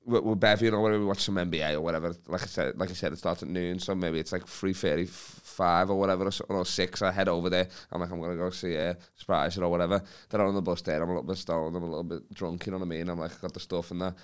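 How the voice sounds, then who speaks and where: A man's voice: low voice, fairly even intonation, racing, few pauses, smooth. A young man telling a long story in casual podcast chat, rambling and sweary with lots of fillers, on a faulty microphone. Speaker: comedian guest.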